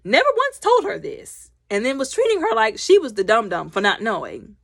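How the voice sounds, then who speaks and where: A woman talks through a movie recap in a loud, slangy, chatty way. Her pitch leaps up and down with every reaction, and the sound is close and dry. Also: big pitch swings, moderate pace, gravelly, no room sound. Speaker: movie reviewer.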